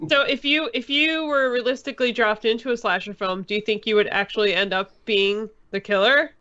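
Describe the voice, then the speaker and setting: A woman's voice: on the high side, steady tone, fairly quick, sharp tone. A woman hosting a podcast, asking guests casual questions in a friendly way and laughing often. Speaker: podcast host. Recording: dull lo-fi sound.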